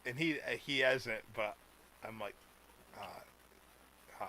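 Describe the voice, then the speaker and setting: Laughing often, this American man rambles through a casual podcast chat as a co-host from the United States. His medium-pitched voice is bright and forceful, slow and full of pauses. The audio quality is poor, with a bit of hiss or hum.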